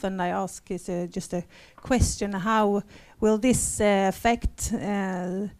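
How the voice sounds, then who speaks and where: A woman on a discussion panel, speaking haltingly with many fillers. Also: mid-range voice. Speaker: panelist, project manager.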